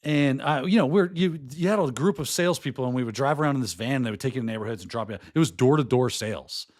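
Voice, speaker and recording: Hoarse, chatty middle-aged man. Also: medium pitch, animated, fast, a little mellow. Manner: chatty and rambling, often breaking into put-on accents. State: hoarse, losing his voice. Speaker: podcast host. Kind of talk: casual livestream chat.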